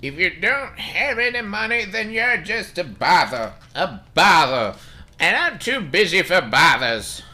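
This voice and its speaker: A man's voice: high-pitched, big pitch swings, a little slow, sharp tone, pitched above the performer's own voice, full character voice. A man voicing a stingy, cranky old male town doctor in a raised, whiny, fussy voice full of excuses, reading along with a video game. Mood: whiny, defensive.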